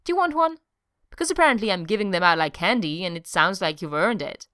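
A woman reading a brash, excitable man in an audiobook, blurting his lines a little higher than her narration. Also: fast, clear, resonant tone, dry recording, studio quality. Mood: excited.

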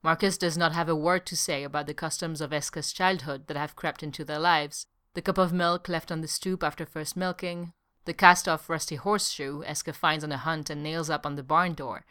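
A woman narrating a story in a soft, even, unhurried reading voice. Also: low-pitched, clean tone.

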